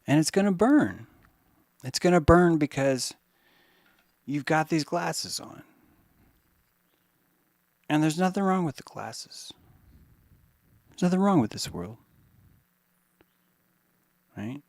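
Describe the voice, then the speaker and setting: A man's voice: on the high side, takes it slowly, long pauses, no echo. Dry-voiced man in a rambling monologue. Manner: animated, swings from hushed to mocking voices; profane. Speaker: podcast host.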